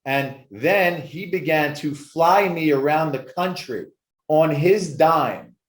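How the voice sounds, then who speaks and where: A man who works as an addictions success coach, telling his story with emphatic, animated energy in a podcast interview. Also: on the high side, slow. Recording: roomy echo.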